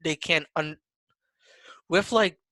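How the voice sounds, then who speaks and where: A man's voice: on the high side, slow pace, pushed and bright, dry recording. A man hosting a casual podcast, telling anecdotes and explaining technique. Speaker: podcast host. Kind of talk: casual chat.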